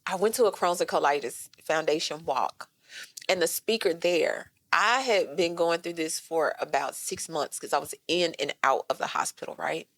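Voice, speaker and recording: A woman in her thirties telling a personal story on a podcast, animated and direct, calling listeners "y'all" and "girl". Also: deep voice, normal speed, dry recording. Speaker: guest.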